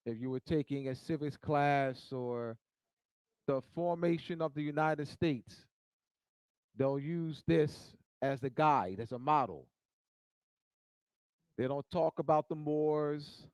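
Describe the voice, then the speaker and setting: Slow, emphatic man teaching. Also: clear, resonant tone, no room sound, poor audio. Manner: repetitive and emphatic, repeating phrases for stress; grows louder and higher toward the end. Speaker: speaker. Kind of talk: teaching talk.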